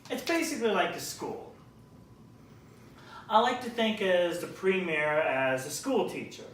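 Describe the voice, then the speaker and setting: A man from Canada performing a stand-up comedy set, animated and slipping into quick character voices. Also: a little high, very echoey, distant mic, a little hiss or hum.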